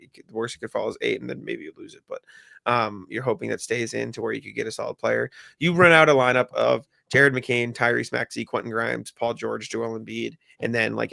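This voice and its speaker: A man's voice: medium pitch, creaky, fairly bright tone, dry recording. A man co-hosting a sports podcast in casual chat, rambling and swearing freely. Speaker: podcast co-host.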